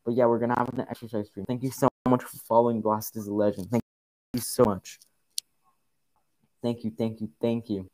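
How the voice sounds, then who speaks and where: Young man, game streamer, jittery, repeats himself, mid-pitched voice. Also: little pitch movement, brisk, long pauses, darkish tone, no echo, rough recording. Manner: jumpy, repeats himself, thanks followers over and over. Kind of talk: casual live game commentary.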